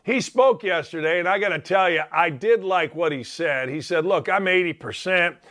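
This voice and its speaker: A man's voice: on the high side, normal speed, a bit bright. A middle-aged man hosting a sports talk show, delivering a brash, rambling monologue and calling out to chat viewers.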